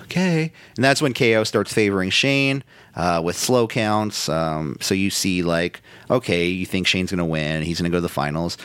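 A low-voiced man talks through a wrestling show in loose, casual chat. He swears freely and walks through the matches step by step. The sound is close and dry. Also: normal speed, fairly bright tone, clean tone, dry recording. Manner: loose, profane, recaps play by play. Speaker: podcast co-host.

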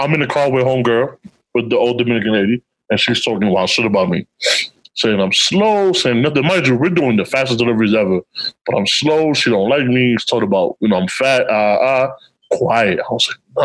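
Man, podcast co-host, casual storytelling, street slang, mid pitch. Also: poor audio. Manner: animated, acts out quotes with big pitch jumps; streetwise slang, frequent "you know what I'm saying".

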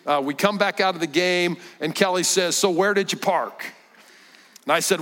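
A middle-aged man giving a sermon as a guest preacher, telling a story with lively delivery and dropping to hushed tones. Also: sits high, normal speed. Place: church sanctuary. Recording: church hall with long reverb.

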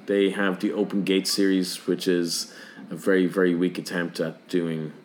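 Irish man, low voice, rambling bar-talk guest, faint room hum behind. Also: flat delivery, normal speed, a little mellow. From Ireland. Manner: rambling, repeats words while thinking. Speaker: bar manager. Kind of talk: casual chat.

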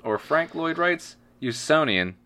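Animated bright-voiced young man. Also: a little high, measured pace. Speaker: podcast co-host. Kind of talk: casual chat.

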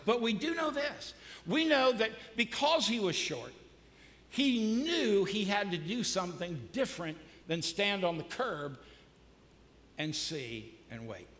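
A man's voice: high-pitched, a bit bright, slight background noise. A male pastor preaching a sermon in a casual, joking way, quizzing the congregation as he goes. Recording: long reverb of a large hall.

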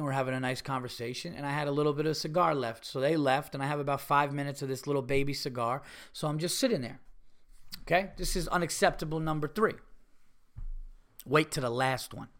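A man's voice: mid-range voice, moderate pace, pauses often, fairly bright tone. A man hosting a podcast, delivering a comedic rant with profane, fired-up energy. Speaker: podcast host.

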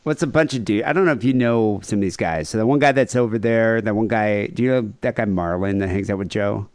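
A man's voice: lowish voice, fast, darkish tone, no echo. A man in his thirties, hosting a casual comedy podcast, rambling and joking with laughs. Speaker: podcast host.

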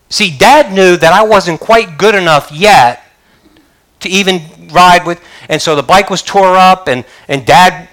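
A man's voice: high-pitched, a little slow, a bit bright. An older man preaching a sermon as pastor, emphatic, with frequent hallelujahs. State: choked up.

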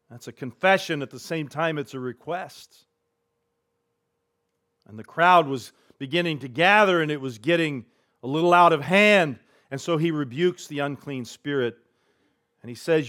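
Preaching as a pastor, a man vividly retells a story from scripture, his delivery swinging between hushed and emphatic. His voice sits on the high side, and he speaks unhurriedly.

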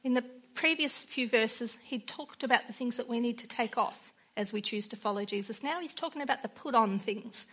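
A woman's voice: on the high side, moderate pace, a bit bright. A woman preaching a sermon in an earnest way, weaving in personal stories.

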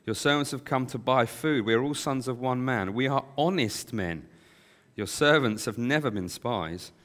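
A man's voice: medium pitch, normal speed, a bit bright, close to an everyday voice. A man voicing frightened brothers who plead that they are honest, read aloud from scripture. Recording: long hall reverb.

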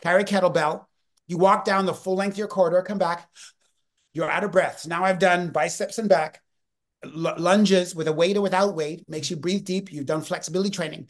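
A man's voice: high-pitched, a little fast. A man in his fifties, a podcast guest, talking with energy and telling stories, often breaking off and restarting his sentences. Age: 50s. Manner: energetic, storytelling, often self-interrupting. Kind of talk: podcast interview.

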